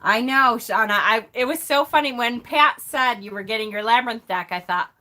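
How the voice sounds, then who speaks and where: A woman's voice: on the high side, moderate pace, pushed and bright. A middle-aged woman hosting a live stream, chatting casually and answering viewers' comments by name. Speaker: host of a pagan live stream.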